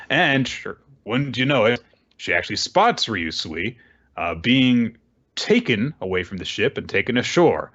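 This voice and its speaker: A man's voice: fairly low pitch, measured pace. Man doing a lo-fi casual recap. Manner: animated, acts out character lines. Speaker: podcast co-host. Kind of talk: casual manga chapter recap. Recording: dull lo-fi audio.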